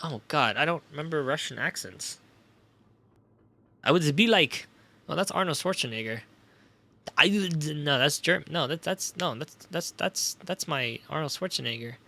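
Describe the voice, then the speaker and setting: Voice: mid-range voice, expressive, a little slow, pushed and bright. A streamer chatting through a game playthrough, chaotic, swearing and mocking their own attempts. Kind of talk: livestream game playthrough commentary.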